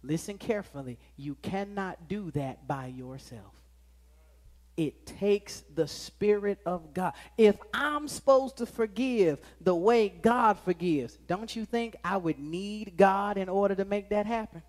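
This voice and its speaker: Male pastor, live church sermon; dynamic delivery with sharp loud-to-hushed swings and playful asides. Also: sits high, unhurried. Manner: joking asides to the congregation. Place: church sanctuary with live congregation.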